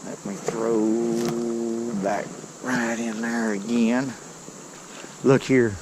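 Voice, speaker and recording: A man, giving excited, folksy commentary to viewers while he fishes a creek outdoors. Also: medium pitch, takes it slowly, a little hiss or hum, poor audio. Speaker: fishing vlogger.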